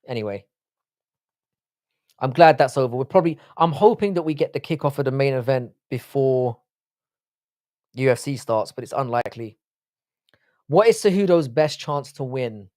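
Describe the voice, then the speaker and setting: This time the London-accented host from England sounds medium-pitched and a little mellow. On his live stream he keeps up casual, profane, joking banter with the viewers.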